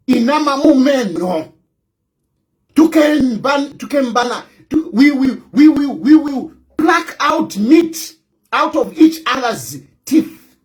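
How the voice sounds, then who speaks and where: A man with a Zambian accent rants about politics, defiant and mocking, hammering his points home again and again. His voice sits high and swings widely in pitch, with sudden bursts of shouting. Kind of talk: combative political rant.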